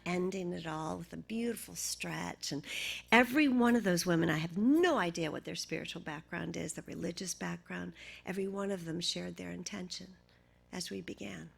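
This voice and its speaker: Husky woman minister, creaky and hushed. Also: on the low side. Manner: storytelling, often dropping to a hushed half-whisper. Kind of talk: sermon.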